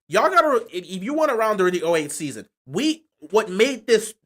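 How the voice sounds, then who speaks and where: A man's voice: sits high, sing-song, brisk. A man hosting casual sports talk, impassioned and repeating himself with stammering restarts. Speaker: sports channel host.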